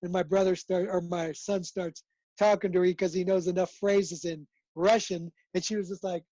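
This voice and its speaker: A man's voice: high-pitched, little pitch movement, mellow, muffled recording. A man chatting as a guest on a video call, rambling and restarting his sentences often. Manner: rambling, halting with many restarts. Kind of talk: casual video call chat.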